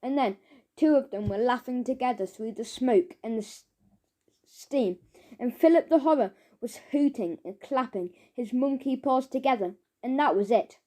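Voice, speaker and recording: A woman narrating a children's audiobook, chanting its rhymes with lively rhythm. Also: a little high, moderate pace.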